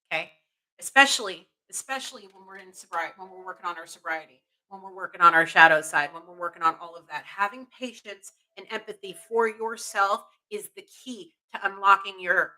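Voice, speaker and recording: Bright, earnest woman giving encouragement. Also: medium pitch, poor audio. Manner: earnest, encouraging, checks in with frequent "okay?"; emphatic, repeats phrases, many restarts. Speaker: intuitive reader and live-stream host. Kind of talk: live-stream spiritual reading, answering chat.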